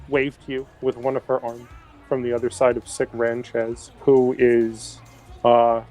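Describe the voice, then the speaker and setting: Game master, man, mid-pitched, easygoing storyteller, soft music underneath. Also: rough recording. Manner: relaxed, filler-heavy storytelling. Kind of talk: narrating a tabletop game.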